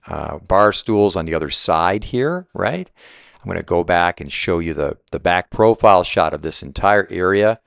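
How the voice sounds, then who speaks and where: A man with a very low, deep voice leads a walking home tour, upbeat and chatty and quick to poke fun at himself. The sound is close and dry, with almost no room echo. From Southwest Florida resident. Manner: enthusiastic, chatty, self-deprecating, keeps saying right. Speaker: real estate agent giving a home tour. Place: walking through a house and outdoors by a pool.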